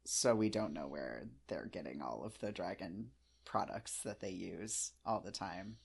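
Quick sarcastic man podcasting. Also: sits low, creaky, husky. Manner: quick, animated, sarcastic, swears casually. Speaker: podcast co-host. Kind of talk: casual podcast chat about a book.

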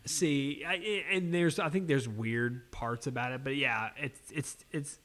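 A man, hosting a casual podcast chat and telling a story with animated, heavy swearing. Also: medium pitch, measured pace. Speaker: podcast host.

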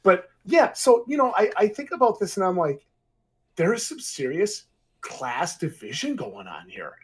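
A man co-hosts a casual book podcast in a relaxed, thinking-out-loud way. His voice is a bit husky and fairly high for a man, with a lively swing in pitch. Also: normal speed. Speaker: podcast co-host.

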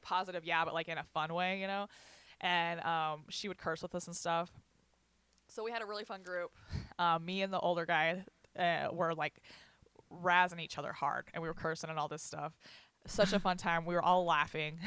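A woman's voice: on the low side, fairly even intonation, moderate pace, a bit bright, clean tone, no echo. A woman telling stories in a casual chat, laughing often and acting out what others said.

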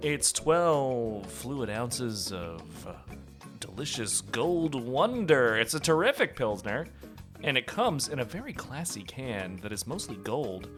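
Slow-talking, laughing male podcast co-host. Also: mid-range voice, big pitch swings, a bit bright, soft background music. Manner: laughs often, jokey. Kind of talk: casual chat.

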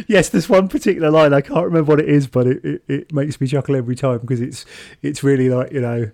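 A man co-hosting a casual film podcast, talking in a measured, hedging way with many fillers. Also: on the high side, fairly even intonation, creaky, a little mellow.

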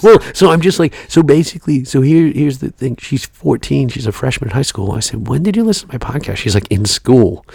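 A man's voice: medium pitch, brisk, creaky, few pauses, breathy edge, dry recording, clean studio sound. A man in his forties, a podcast co-host, telling a story in casual chat with lots of swearing. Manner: animated storytelling with profanity and laughs.

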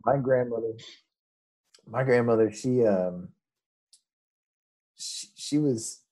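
A man's voice: medium pitch, takes it slowly, warm tone, low-quality recording. A man in casual chat telling a rambling story, acting out what others said. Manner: rambling, many fillers and restarts, acts out quotes.

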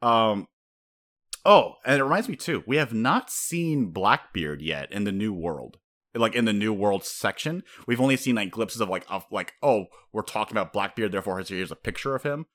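A man co-hosting a casual chat, excitable and swearing freely, sometimes acting out characters. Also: lowish voice, moderate pace. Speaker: podcast co-host.

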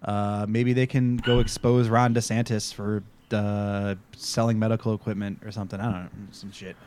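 A man's voice: on the low side, level tone, moderate pace, a crowd in the background. Rambling sarcastic man co-hosting a podcast. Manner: rambling, sarcastic, many fillers. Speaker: podcast co-host. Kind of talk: casual chat recapping a TV episode.

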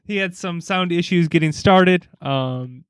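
A man's voice: sits high, measured pace, clean tone, dry recording, clean studio sound. A man, co-hosting a casual sports podcast, chatty and rambling, laughing often. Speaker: podcast co-host.

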